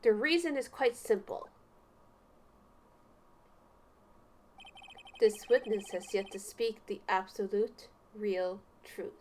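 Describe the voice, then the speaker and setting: A woman voicing a cool, composed male prosecutor with a lowered, measured delivery, as part of a game voice reading. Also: noisy background, lightly acted. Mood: stern. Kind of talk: let's play voice reading.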